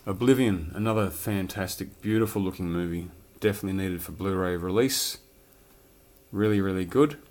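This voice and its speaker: A man's voice: low-pitched, normal speed, darkish tone. A man chatting casually and rambling about his film collection, swearing now and then. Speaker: collector showing his films. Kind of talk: casual chat.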